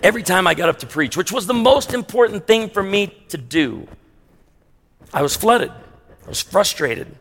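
A man preaching a sermon as pastor, emphatic, slowing down hard on key lines, with wry asides. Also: high voice, lively intonation, fairly bright tone. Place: large church sanctuary with long reverb. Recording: long hall reverb in a sanctuary.

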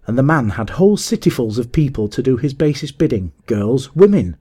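A man reads a story aloud in a measured, expressive way. His voice is mellow and warm, with a steady middle pitch. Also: husky. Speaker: narrator. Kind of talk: scripted audiobook narration.

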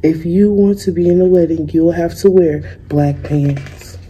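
A woman voicing a firm but loving mother in a calm, steady way while reading a storybook aloud. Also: fairly low pitch, normal speed, highs cut off, a little hiss or hum, natural voice.

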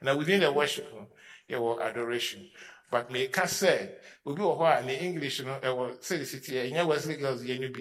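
A man's voice: medium pitch, brisk, fairly bright tone. A Ghanaian man, a pastor, giving an emphatic teaching talk and switching between Twi and English.

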